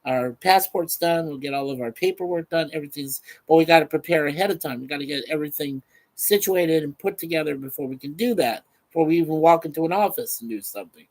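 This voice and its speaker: A man's voice: a little high, quick pace, poor audio. A man hosting a casual live stream, chatting loosely with many fillers and reading out viewer comments.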